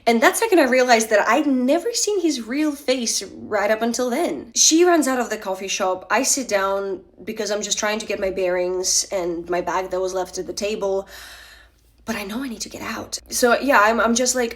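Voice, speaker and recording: A woman's voice: mid-range voice, moderate pace. A young woman telling a personal story in a casual, candid, confessional way, with lots of filler words. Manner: candid, confessional, chatty with many "like"s.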